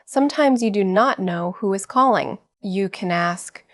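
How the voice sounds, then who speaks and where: A woman talks learners through an English lesson in scripted narration. Her delivery is slow, clear and evenly paced, in a middle pitch. The sound is dry, with no room echo. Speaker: English teacher.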